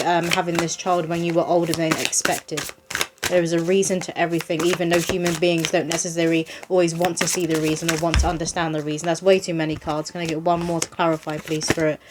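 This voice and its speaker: A woman's voice: fairly low pitch, background noise. Reassuring woman reading tarot. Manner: chatty and reassuring, talks straight to the viewer. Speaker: psychic medium doing a tarot reading. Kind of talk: casual spoken tarot reading.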